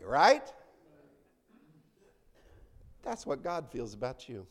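A man preaching a conversational sermon to a congregation in a church, swinging between loud emphasis and soft asides. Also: mid-range voice, big pitch swings, unhurried, long pauses.

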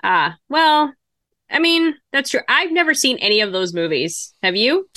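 A woman's voice: high voice, very animated, moderate pace, sharp tone, no echo, clean studio sound. A woman co-hosting a podcast in casual chat, thinking aloud as she goes. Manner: chatty, thinks aloud while browsing ticket sites. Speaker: podcast co-host.

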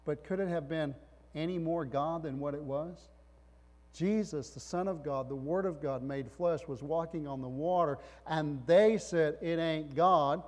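A man's voice: a little high, unhurried, a little mellow. A middle-aged man, a pastor, preaching a sermon with emphatic rising bursts and rhetorical questions. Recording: long hall reverb.

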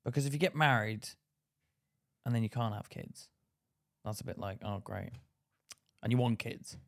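A man's voice: lowish voice, moderate pace, vocal fry. A man co-hosting a casual podcast chat, teasing and jokey, laughing often. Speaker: podcast co-host.

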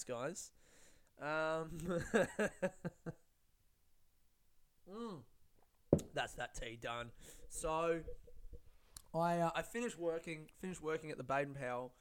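A man hosts a solo podcast using a studio-style mic, rambling casually with lots of swearing and self-mockery. His voice is a little high, fairly bright, clear and resonant.

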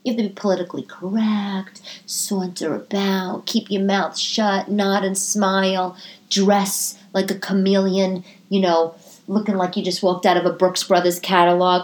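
Chatty, profane woman podcast host. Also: moderate pace. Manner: chatty and profane, swings into animated high-pitched asides. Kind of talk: casual solo podcast monologue. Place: living room.

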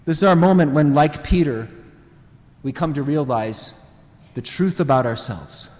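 A man preaching a sermon, telling animated family stories and laughing often. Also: on the high side, a little slow. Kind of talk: sermon storytelling. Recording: reverberant hall.

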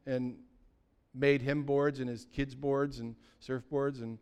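A man in his fifties from California, a pastor telling a personal story in a lively, anecdotal way, with sudden loud bursts. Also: mid-range voice, slow pace, smooth. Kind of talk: sermon storytelling.

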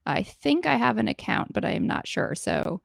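A woman speaking as a guest in a casual conversation, relaxed and wry, with plenty of fillers. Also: on the high side, moderate pace, creaky, no echo, clean studio sound. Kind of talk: casual chat.

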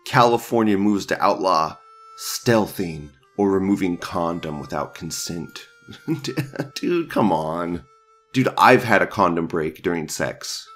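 A man's voice: low voice, expressive, slow pace, fairly bright tone, soft background music. A young man hosting a show, reading forum posts aloud and mocking them in crude, casual talk, often breaking into laughter. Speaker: host reading image-board posts. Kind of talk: casual profane commentary.

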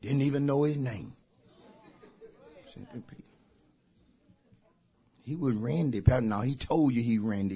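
A male pastor preaching a sermon, shouting out points and laughing along with his congregation. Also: medium pitch, big pitch swings, measured pace, pauses often, husky.

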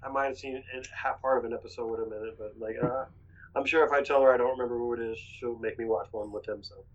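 A man's voice: mid-range voice, steady tone, quick pace. A man from North Carolina chatting casually, rambling with hesitant fillers. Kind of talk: casual chat. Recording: dull lo-fi sound.

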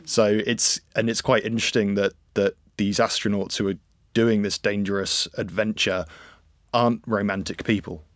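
A man's voice: fairly low pitch, steady tone, normal speed, fairly bright tone, no room sound. A man reviewing a film in a casual discussion, thoughtful and musing, often repeating words as he thinks.

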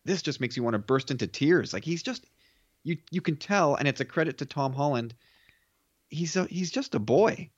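A man's voice: on the high side, lively intonation, normal speed, husky, no echo. Guest man on dull, dry remote audio. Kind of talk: casual film review chat.

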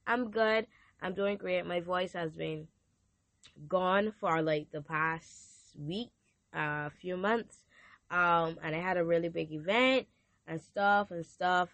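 A woman's voice: lowish voice, creaky, fairly bright tone, dry recording. A teenage girl hosting a casual faith podcast, earnest and encouraging, her voice strained and partly lost. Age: teens. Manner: earnest and encouraging, with frequent restarts. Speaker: podcast host.

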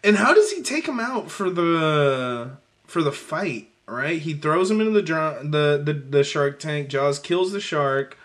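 A man's voice: on the high side, expressive, a little slow, a bit bright. A man in casual movie review chat, jokey and profane, often bursting into laughter.

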